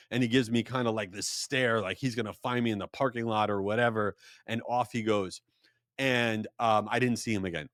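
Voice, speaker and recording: A man hosting a podcast, telling a story in an animated, rambling and self-deprecating way. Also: medium pitch, no room sound, studio quality. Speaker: podcast host. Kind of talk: casual storytelling monologue.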